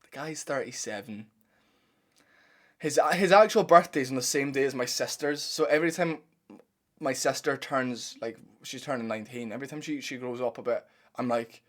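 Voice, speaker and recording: A man's voice: a little high, moderate pace, pauses often. Profane young man ranting. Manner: blunt, profane, animated ranting. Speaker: MMA commentator channel host. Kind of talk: ranting reaction commentary.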